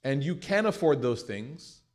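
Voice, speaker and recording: An American man in his young adult years leads a class in a loose, conversational way. He keeps things light with jokes and lively retold anecdotes, and his voice sits at an ordinary middle pitch. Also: unhurried. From United States. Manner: conversational, joking, animated retelling. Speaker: teacher. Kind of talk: class lecture with storytelling.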